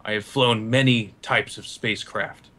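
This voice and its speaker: A man's voice: fairly even intonation, pushed and bright. Man doing a glitchy giant soldier android. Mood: stiff, polite. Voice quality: deep slow voice that jumps in pitch.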